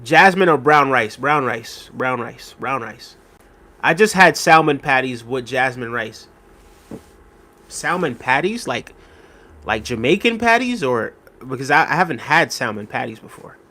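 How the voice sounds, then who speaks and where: A man's voice: medium pitch, animated, unhurried, bright, forceful tone. A man hosting a casual live stream, reading viewer comments aloud and thanking them by name. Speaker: livestream host reading chat.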